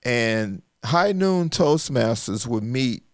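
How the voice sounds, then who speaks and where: A man's voice: mid-range voice, takes it slowly, no room sound, clean studio sound. Folksy man telling stories. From Arkansas, US. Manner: folksy, animated, acts out dialogue with restarts. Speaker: podcast host and guest speaker. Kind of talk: casual storytelling conversation.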